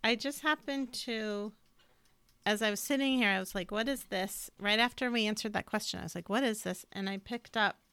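Woman cohost rambling casually, lots of "like", crisp voice, dry close mic. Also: medium pitch, fairly quick, pushed and bright, no room sound. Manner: chatty, loose, full of "like" asides. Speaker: podcast co-host. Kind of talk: casual spiritual chat.

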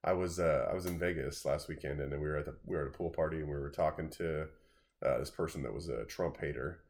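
A man hosting a casual political podcast, talking in a rambling, halting way with many fillers. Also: a bass voice, a little mellow. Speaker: podcast host.

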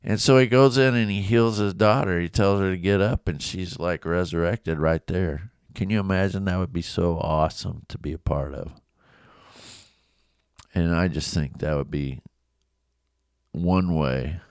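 A deep, steady, smooth voice carries this casual Bible lesson at a measured pace, the teacher playing out the people's words as he goes. The recording is clean studio sound with no room noise.

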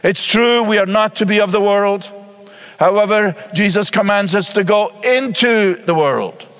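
A male pastor with a high voice delivers a sermon, pressing each point home with repetition and rhetorical questions. His words ring out with a long reverb, as if he is recorded in a large church sanctuary. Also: unhurried, fairly bright tone. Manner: emphatic preaching with repeated phrases and rhetorical questions.

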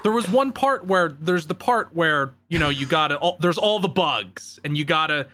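A man on a casual podcast, telling stories with excited laughter. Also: fairly high pitch, normal speed. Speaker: podcast co-host, streamer.

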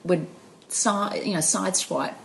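A woman, telling stories in an animated, laughing way as a guest in a casual chat. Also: lowish voice, unhurried, vocal fry, a little hiss or hum, poor audio. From New Zealand. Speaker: podcast guest.

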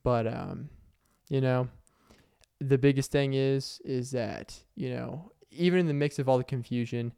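Young man, Southern accent, podcast host, earnest, rambling, smooth clear voice, dry close sound. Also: mid-range voice, unhurried, warm tone, no room sound. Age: young adult. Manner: earnest and rambling, many ums and uhs. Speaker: podcast host and stand-up comedian. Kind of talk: casual solo podcast talk. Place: corner of a warm room.

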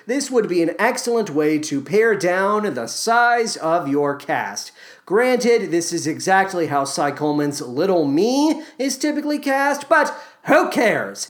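A man hosting a solo musical-theater review podcast, wry and opinionated. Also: sits high. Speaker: podcast host.

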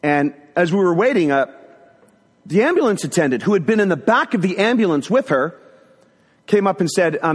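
Middle-aged man, higher-pitched, lively sermon storyteller, long hall reverb. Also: fairly quick, husky. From northern Ontario, Canada. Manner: animated storyteller who acts out quotes. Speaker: speaker sharing a testimony. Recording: echoey hall.

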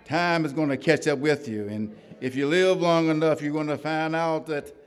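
A man's voice: on the high side, normal speed, in a large hall. A middle-aged man preaching a sermon to a church congregation, building rhythmic repetitions and calling for responses. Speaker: pastor.

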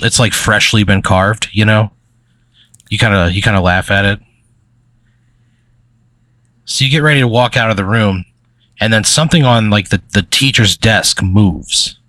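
Low-voiced rambling male game master. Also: a bit bright, dry recording. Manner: rambling, filler-heavy storytelling. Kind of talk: narrating a tabletop game.

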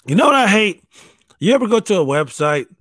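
A man's voice: high-pitched, very animated, a bit bright, dry recording. Profane ranting man, dry close sound. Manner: profane, exasperated, mocking; halting restarts, mimics voices. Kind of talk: casual solo rant.

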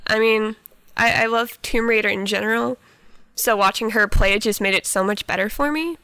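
A woman guest on a casual podcast, soft-spoken and giggly, hesitating as she talks. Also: on the high side, normal speed, smooth, no room sound.

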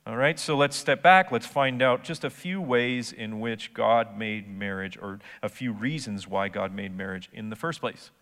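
A man's voice: fairly low pitch, moderate pace, few pauses, a bit bright. Man preaching in a reverberant hall. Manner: conversational, rising to emphatic preaching. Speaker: pastor. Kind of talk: sermon.

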